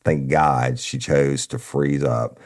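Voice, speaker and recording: A man's voice: rumbling low, steady tone, slow pace, a little mellow. A man hosting a true crime podcast, telling the story bluntly and profanely in a folksy way. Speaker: podcast host.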